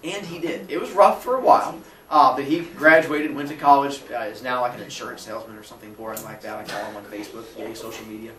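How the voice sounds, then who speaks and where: A man, a teacher, telling a personal story on a casual podcast, acting out dialogue with big jumps in pitch and breaking into laughs. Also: fairly even intonation, fast talker, a bit bright. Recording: roomy sound from a distant mic with faint noise.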